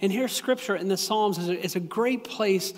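High-voiced pastor preaching in an echoey hall. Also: male voice, moderate pace. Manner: casual, confessional, with many restarts and asides. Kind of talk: sermon. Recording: echoey hall with long reverb.

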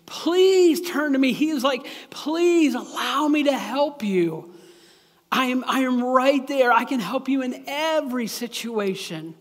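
Pastor giving voice to a tender, pleading heavenly father, high-pitched, in a big reverberant hall. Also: expressive, a little slow. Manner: tender, pleading, raised and emphatic. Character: loving divine father pleading with his children. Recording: echoey hall with long reverb.

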